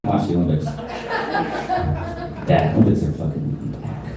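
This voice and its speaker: A man in his thirties doing a crude stand-up comedy set in a club, with a deadpan delivery and asides to the crowd. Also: low voice, normal speed, creaky, over loud music. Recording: roomy live club sound, from a distance.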